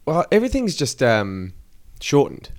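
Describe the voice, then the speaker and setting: A man's voice: on the high side, huge pitch swings, moderate pace, darkish tone. Rambling Australian man, podcast co-host. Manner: rambling, playful storytelling. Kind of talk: casual chat.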